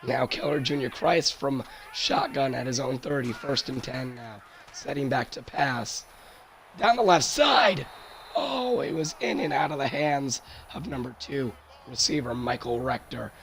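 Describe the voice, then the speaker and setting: A hoarse young man doing play-by-play commentary of a football game, his worn-out voice jumping high on big plays. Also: steady tone, moderate pace, a bit bright, slight background noise. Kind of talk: solo sports commentary over a video game.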